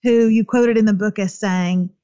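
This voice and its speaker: A woman's voice: medium pitch, fairly even intonation, moderate pace, no room sound, highs cut off. A woman hosting an interview, responding appreciatively and quoting from the guest's book. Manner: warmly appreciative, reads quotes aloud from a book. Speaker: host.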